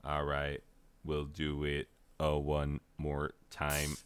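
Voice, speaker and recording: A man rambling through joking, deadpan commentary while playing a game, with goofy asides and mock rapping. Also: extremely low pitch, takes it slowly, clean tone, dry recording. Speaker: gaming video host.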